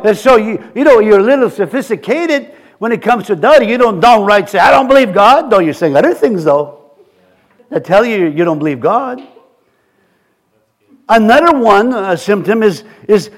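Guy preaching, kinda high voice, keeps restarting his sentences. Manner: halting, repeats words, acts out quotes. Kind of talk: sermon.

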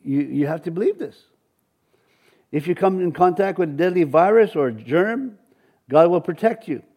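A pastor with an Ojibwe accent preaching a sermon and reading scripture, halting often with restarts and fillers. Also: male voice, fairly high pitch, lively intonation, muffled recording.

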